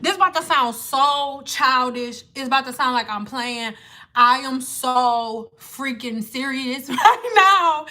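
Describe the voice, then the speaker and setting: Bright-voiced woman ranting. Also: high voice, expressive, slow. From Detroit. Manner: blunt, ranting, swearing freely. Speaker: hair vlogger. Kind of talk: casual rant to camera.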